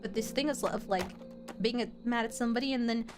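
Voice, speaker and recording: A woman's voice: on the high side, fast talker, over music. A young adult woman streaming a game, chatting casually with her chat in a rambling, giggly way full of fillers.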